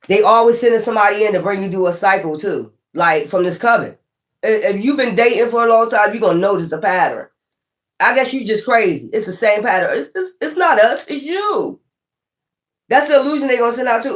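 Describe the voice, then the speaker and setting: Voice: medium pitch, a bit bright. A tarot reader giving a live reading to viewers, blunt, profane and emphatic, repeating points over and over.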